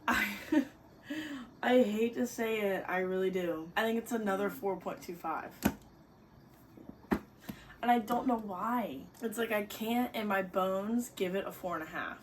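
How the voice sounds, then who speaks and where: A young woman with a mid-range voice gives casual reading-vlog commentary from her bedroom, full of giggles and dramatic reactions. The mic is distant, with music underneath and slight background noise.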